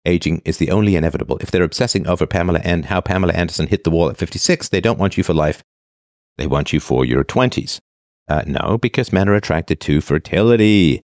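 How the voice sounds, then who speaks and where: A man's voice: sits low, fast talker, a little mellow, no room sound, clean studio sound. A man in his fifties casually reading posts aloud and commenting on them, with frequent "uh" and restarts. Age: 50s. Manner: reads a line then comments, with frequent "uh" and restarts.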